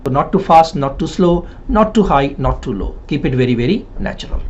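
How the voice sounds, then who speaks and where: Lively intonation and a slightly fast pace mark this man's somewhat high voice. Working as a PTE and IELTS trainer, he gives a spoken exam-coaching lesson with emphatic Hindi-man delivery, going over points repeatedly and ending lines with "right?" It's recorded in slightly dull lo-fi.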